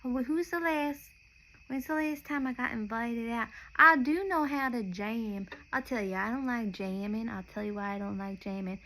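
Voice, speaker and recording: A young woman, talking in a bright, pointed tone and a pitch a little above most women's. She rambles casually, breaking off and restarting her sentences. Faint ambient noise sits behind her. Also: normal speed, low-quality recording. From Nashville, Tennessee. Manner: chatty, meandering, self-interrupting. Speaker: podcast host.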